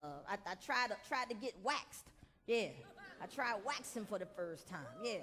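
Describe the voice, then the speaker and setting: A woman doing a stand-up set with animated, indignant storytelling that bursts into yelling. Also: on the high side, moderate pace. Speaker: stand-up comedian. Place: large comedy venue before audience. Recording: big hall with roaring audience.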